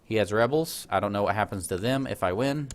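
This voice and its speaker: A man's voice: on the low side, brisk, slight background noise. A man giving casual, chatty commentary while playing a strategy game, often joking at his own expense. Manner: chatty, self-deprecating, laughs at himself. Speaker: let's play host.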